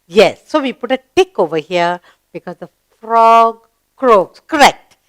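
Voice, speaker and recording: A woman leads a slow, sing-song grammar lesson for young children. Her fairly high voice swings widely in pitch and sounds smooth and clear. The recording is dry, with no room sound. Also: expressive, dry recording, faint music behind. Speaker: teacher.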